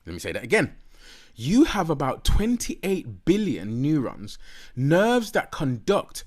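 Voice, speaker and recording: A middle-aged man giving a health talk, emphatic and repeating key facts, slowing down to stress words. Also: a little high, wildly swooping pitch, darkish tone. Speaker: health seminar presenter.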